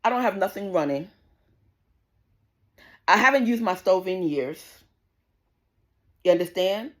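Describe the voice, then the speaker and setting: A woman's voice: medium pitch, lively intonation, unhurried, fairly bright tone. A woman, ranting indignantly to camera, swearing often and repeating herself as she tells the story. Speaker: vlogger. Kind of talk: casual rant to camera.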